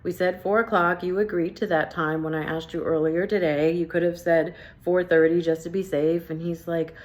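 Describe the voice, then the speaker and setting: A woman recounting a story straight to camera in a casual vlog. Her voice sits a little low, and she jumps into quoted dialogue with lively, animated shifts. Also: normal speed. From New Jersey. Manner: animated, acts out both sides of conversations. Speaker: vlogger.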